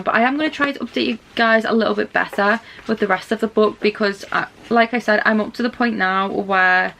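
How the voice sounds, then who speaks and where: A young woman chatting excitedly on her reading vlog, gushing with lots of fillers. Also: mid-range voice, vocal fry, low-quality recording. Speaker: book vlogger. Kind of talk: casual reading vlog chat.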